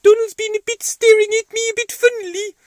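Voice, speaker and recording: Grippy, a man squeaking as a crude cat. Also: flat delivery, fairly quick, no room sound, clean studio sound. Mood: boastful. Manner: squeaky, strained, loud. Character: cheeky male cat puppet, grumbling and crude.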